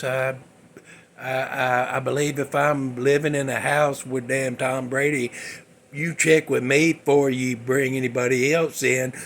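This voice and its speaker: A man's voice: mid-range voice, a bit bright, slight background noise. A man hosting his own show, telling a dream story in a rambling, folksy, exasperated way. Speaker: host. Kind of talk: comedic storytelling monologue.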